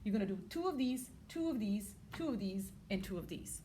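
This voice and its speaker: A woman's voice: medium pitch, animated, fast, heavy background noise. A woman teaching music, talking through how to count rhythms and chanting the beats aloud.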